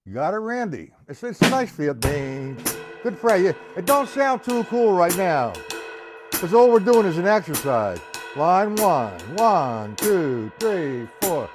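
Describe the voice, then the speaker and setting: A man teaching drums on a live stream, with a fairly high voice. He chats casually with his viewers and counts the beats aloud. Loud drums and cymbals ring out behind him. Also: big pitch swings, a little slow, over loud music. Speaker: drum teacher. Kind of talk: live-streamed drum lesson. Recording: loud drum kit playing behind the voice.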